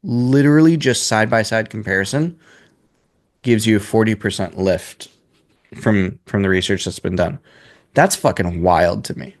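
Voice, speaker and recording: Blunt young sales coach, lower voice. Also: male voice, normal speed. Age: 20s. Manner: casual, blunt, swears freely. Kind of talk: live coaching class.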